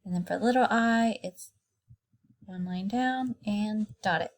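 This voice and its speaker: A woman's voice: mid-range voice, measured pace. A woman teaching kindergarten phonics, patiently sounding out letters and words for young children.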